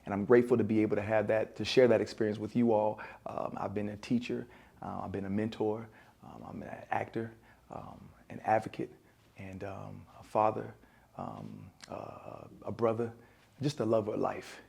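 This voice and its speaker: A man's voice: on the low side, level tone, normal speed, creaky, a little mellow, breathy edge. A man in his forties, an actor and former teacher, speaking in a sit-down interview in a reflective, spiritual, casual way with many fillers. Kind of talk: sit-down interview, talking to camera. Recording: music playing underneath.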